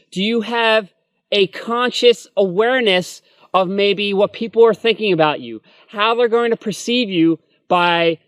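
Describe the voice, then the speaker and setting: A man's voice: high-pitched, dry recording. A man giving a spoken self-help lesson, earnest and repetitive, checking in with "okay?" and "right?" as he explains. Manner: earnest, repetitive, addresses viewers as folks, frequent "okay?" and "right?". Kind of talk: spoken personal-development lesson.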